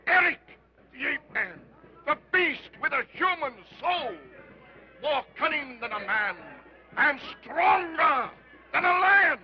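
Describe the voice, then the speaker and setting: An actor playing a brash carnival barker, shouting sales patter in a 1930s film. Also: male voice, very high-pitched, lively intonation, slow, exaggerated voice. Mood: hawking. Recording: dull lo-fi 1930s film sound with music.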